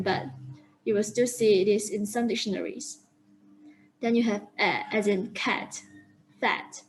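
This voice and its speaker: A young woman student giving a careful classroom presentation, slowly sounding out example words. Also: fairly high pitch, slight background noise, low-quality recording. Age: young adult. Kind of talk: classroom presentation on English vowels.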